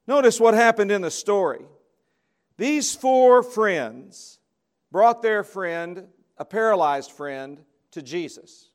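A man with a notably high voice delivers a sermon to a gathering. He is emphatic, dropping to soft, drawn-out words and then pressing louder on key phrases. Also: expressive. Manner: emphatic, swings between soft and loud. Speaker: preacher giving a convocation message.

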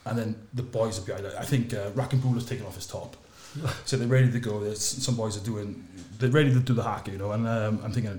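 Fast-talking man telling a story. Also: reverberant, slight background noise. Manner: lively anecdote-telling, drops low and quiet for asides. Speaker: podcast host and former sevens captain. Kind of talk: animated storytelling in a casual chat.

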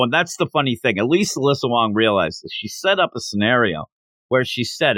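A man co-hosting a casual comic book review, talking in an animated, lively way. His pitch swings widely as he mimics characters' lines with mock outrage. The sound is dry and close. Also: normal speed, dry recording. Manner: animated, acts out characters' lines in mocking voices. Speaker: podcast co-host.

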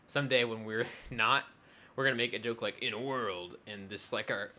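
Bright-voiced young man chatting. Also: medium pitch, fairly even intonation, fairly quick. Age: young adult. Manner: rambling, many fillers and restarts. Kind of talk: casual chat.

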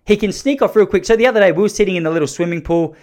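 A man's voice: high-pitched, rapid-fire, a little mellow. A man in his thirties with an Australian accent, telling a funny personal story in a rambling, self-correcting way with sheepish asides. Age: 30s. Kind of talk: casual comic storytelling.

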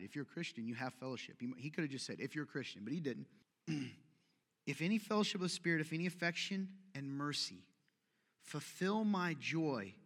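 A man preaching a sermon as pastor in a conversational, joking way, acting out quick quotes and asides. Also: a little high, pushed and bright, in a large hall.

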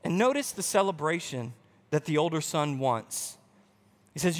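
A man's voice: a little high, expressive, moderate pace, long reverb tail. A man preaching a sermon as pastor in a church building, passionate and urgent, sometimes acting out a complaining believer.

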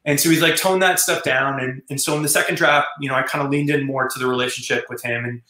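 A man's voice: mid-range voice, flat delivery, fast talker, sharp tone, roomy sound, low-quality recording. A man telling stories as a screenwriter guest in an interview, rambling with many fillers and restarts. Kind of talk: casual storytelling in an interview.

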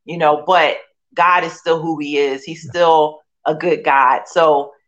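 A middle-aged woman from Philadelphia tells her faith story as an interview guest, in a voice pitched a little low. She talks with feeling, restarts her sentences and piles up rhetorical questions. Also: fairly even intonation, slow, a bit bright, muffled recording. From Philadelphia, USA. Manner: emotional, repetitive, restarts often, rhetorical questions. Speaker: guest sharing a testimony. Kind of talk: candid personal testimony.

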